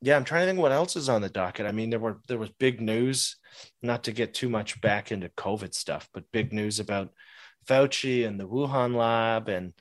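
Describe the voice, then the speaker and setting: A chatty man with a lowish voice talks politics on a podcast. He laughs easily and trips over his words now and then. The sound is dry and close, with no room around it. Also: normal speed, no echo. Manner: chatty, laughs often, many restarts. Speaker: podcast co-host. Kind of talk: casual political chat.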